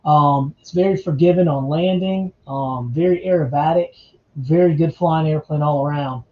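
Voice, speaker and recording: A man's voice: fairly high pitch, moderate pace, echoey room, highs cut off. A man from North Carolina, hosting a casual live chat, laid-back and chatty and calling his viewers man and dude. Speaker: livestream host.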